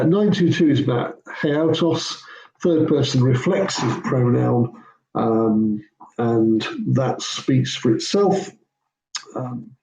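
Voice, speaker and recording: A man's voice: mid-range voice, mellow. A man, a pastor, talking through biblical Greek grammar in an informal lesson, hesitant, with many ums and self-corrections. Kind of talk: informal teaching walkthrough. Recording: roomy echo.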